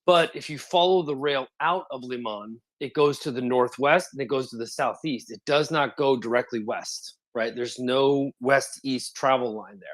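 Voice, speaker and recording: A man in a casual online audio chat, explaining things quickly and often checking in with "right?". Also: medium pitch. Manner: talks fast, keeps checking in with "right?". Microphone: phone on spotty Wi-Fi and mobile data.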